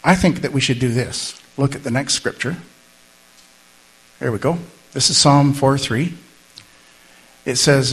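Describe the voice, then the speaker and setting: A middle-aged man preaching a sermon as pastor, earnest and slow, rising to emphatic calls and leading prayer. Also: medium pitch, a bit bright, slightly rough, poor audio.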